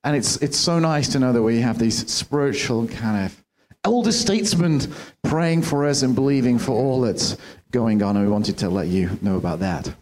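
A man's voice: mid-range voice, normal speed, a little mellow, slight background noise. A man preaching a sermon from a church platform, earnest and sometimes restarting his phrases. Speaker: pastor.

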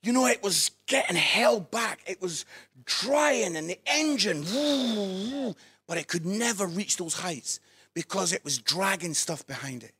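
Animated high-voiced man preaching. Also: normal speed, husky. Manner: animated, playful, laughs at his own stories. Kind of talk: storytelling sermon.

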